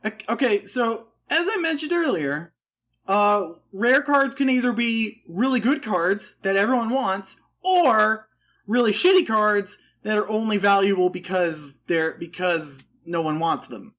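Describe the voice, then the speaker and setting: High, lively man joking around. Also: unhurried. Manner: rambling, joking, self-deprecating. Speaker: podcast co-host. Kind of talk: casual comedic chat.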